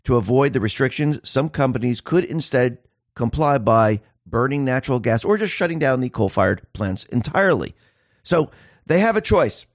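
A man's voice: mid-range voice, animated, moderate pace, no room sound, studio quality. A man hosting a political commentary monologue. He speaks emphatically, fires off rhetorical questions and acts out the voices of ordinary people.

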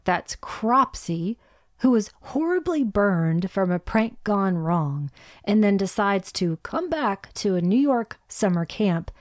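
A woman's voice: medium pitch, a little mellow, no echo, studio quality. A woman co-hosting a podcast, chatting about horror films in a joking, opinionated way. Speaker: podcast co-host. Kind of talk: casual film review chat.

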